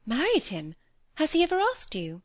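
A woman's voice: sits high, huge pitch swings, moderate pace, no room sound, pitched above the performer's own voice. A woman voicing a serious, earnest young woman who speaks sincerely and firmly.

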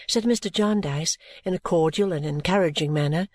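Male audiobook narrator, high voice, dry close sound, steady reading. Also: brisk, hardly any pauses, no room sound. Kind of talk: audiobook reading of a classic novel.

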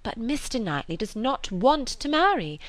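A woman reading as a lively, headstrong young woman who talks emphatically and exclaims often. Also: on the high side, normal speed, dry recording. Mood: indignant. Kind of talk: audiobook character reading.

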